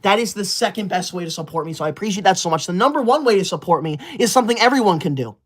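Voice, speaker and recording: A man's voice: sits high, lively intonation, very fast. A man hosting a livestream, reading out super chats with theatrical, over-the-top gratitude and mock outrage, thanking donors again and again in a hype style. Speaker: livestream host.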